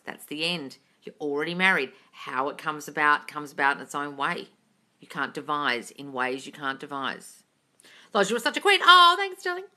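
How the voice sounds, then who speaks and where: A woman manifesting coach with a low, sharp voice and a slight British intonation does a casual live stream. She reads chat questions aloud and answers bluntly, swearing a lot.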